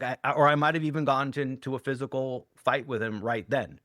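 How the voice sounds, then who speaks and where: A man's voice: medium pitch, steady tone, fairly quick, hardly any pauses, fairly bright tone, no room sound, clean studio sound. A middle-aged man, a hypnotherapist and author, speaking earnestly and reflectively as an interview guest. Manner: earnest, reflective, acts out quoted lines. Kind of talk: conversational interview.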